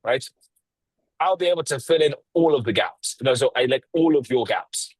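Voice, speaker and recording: A man's voice: mid-range voice, slightly rough, dry recording, poor audio. Blunt, foul-mouthed male sales coach. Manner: blunt, swears freely, lively tonality with pauses and emphasis. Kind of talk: casual coaching call.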